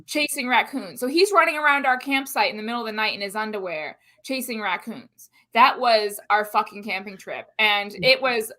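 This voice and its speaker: Bright, animated, foul-mouthed woman. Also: a little high, normal speed, hardly any pauses. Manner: animated, profane storyteller. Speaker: co-host. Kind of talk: casual live-stream chat. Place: Central Florida.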